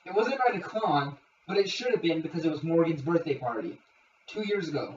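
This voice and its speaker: A man's voice: fairly high pitch, animated, brisk. A young man co-hosting a casual podcast, telling a story animatedly with swearing and acted-out quotes. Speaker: podcast co-host. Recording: roomy, distant, dull lo-fi mic.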